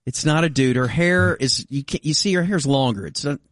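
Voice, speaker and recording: A man's voice: on the high side, brisk, no echo. A man co-hosting a radio show, trading teasing comebacks in casual banter. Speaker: radio co-host.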